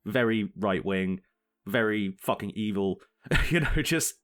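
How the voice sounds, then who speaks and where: A man's voice: on the low side, expressive, measured pace, a bit bright. A young man co-hosting a casual podcast chat, ranting with plenty of swearing and frequent laughter. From Britain. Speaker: podcast co-host.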